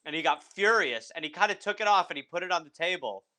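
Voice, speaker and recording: Bright-toned man bantering on a podcast. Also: high-pitched, animated, low-quality recording. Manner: playful, quick banter. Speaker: podcast guest. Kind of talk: casual comedic chat.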